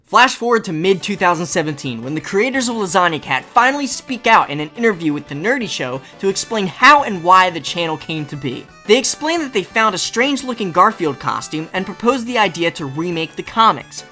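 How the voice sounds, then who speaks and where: A woman hosting a reaction commentary video, animated and sarcastic with sudden exclamations. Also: on the low side, a little fast, few pauses, soft background music. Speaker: host.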